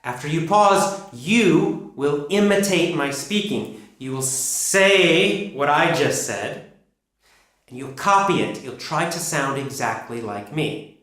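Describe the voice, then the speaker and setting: A man teaching English pronunciation, explaining practice steps in an energetic, emphatic, repetitive coaching manner. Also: on the high side, slow pace. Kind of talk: instructional explanation. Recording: very echoey room.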